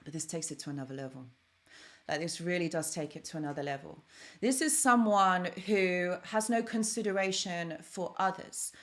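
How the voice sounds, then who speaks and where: A woman's voice: lowish voice, fairly even intonation, normal speed. A young woman chatting on a live stream, thanking viewers by name as she talks. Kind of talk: casual live stream chat.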